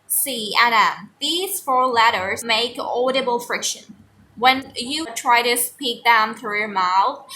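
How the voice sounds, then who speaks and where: A young woman tutor giving a pronunciation lesson, repeating example words slowly for the learner. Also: on the high side, pushed and bright, far from the mic, slight background noise. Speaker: online tutor.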